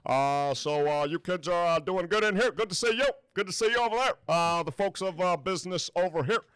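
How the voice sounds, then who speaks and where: Guy putting on a higher smooth folksy politician voice, lots of slow uhs. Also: fairly bright tone, no echo. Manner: halting, with many drawn-out "uh" pauses. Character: impression of a calm, folksy male politician. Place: university lecture hall before a student audience.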